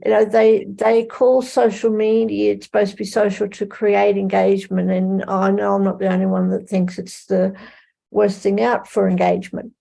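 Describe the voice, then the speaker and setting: A woman's voice: mid-range voice, little pitch movement, normal speed, gravelly, mellow. A woman hosting a casual online interview, asking long rambling questions and affirming her guest supportively. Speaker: interview host.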